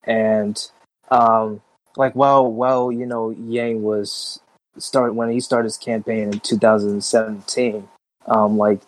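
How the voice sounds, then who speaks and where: Drained, halting man from Chicago. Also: on the low side, flat delivery, rough recording. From Chicago area. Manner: halting, many fillers and restarts. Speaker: guest. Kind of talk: casual conversation.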